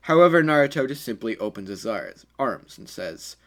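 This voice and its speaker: A man's voice: medium pitch, very animated, moderate pace, a bit bright. Rambling casual male storyteller. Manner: rambling, filler-heavy, self-correcting. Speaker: fan fiction storyteller. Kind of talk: casual improvised story narration.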